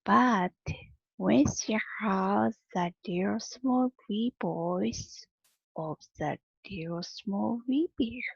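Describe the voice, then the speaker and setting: A woman teacher reading a storybook aloud to her students slowly and deliberately, with long pauses. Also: mid-range voice, gravelly, slightly rough, no room sound, muffled recording.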